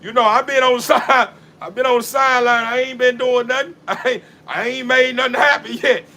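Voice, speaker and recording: Outdoors in a yard, a dog breeder vlogs casually while bathing a dog, laughing between lines and repeating himself in preachy street talk. His voice is high and bright, steady in tone, and fairly quick.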